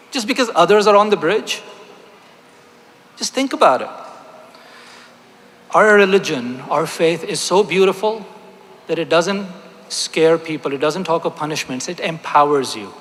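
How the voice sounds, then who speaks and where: Male convention speaker, emphatic and repetitive, slightly high voice, long hall reverb. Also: a bit bright, slight background noise. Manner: emphatic, repeats phrases, asks the audience rhetorical questions. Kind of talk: impassioned stage speech. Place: large hall on stage.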